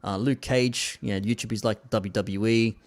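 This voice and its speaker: A man's voice: lowish voice, steady tone, moderate pace. Laid-back guy hosting a commentary chat, reading comments, keeps saying "man". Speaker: commentary show host.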